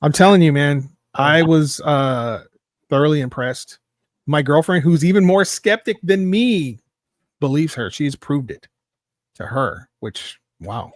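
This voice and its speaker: Animated man telling a story, dry mic. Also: a little high, unhurried, no echo. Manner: animated, emphatic, swears freely. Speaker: podcast guest. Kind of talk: casual storytelling.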